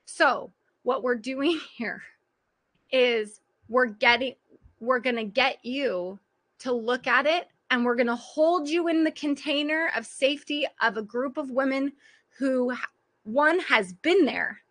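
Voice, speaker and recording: A woman with a bright, high voice gives a motivational coaching talk on a group call, speaking at a measured pace. She's a parenting and life coach, earnest and addressing listeners directly, and she laughs frequently.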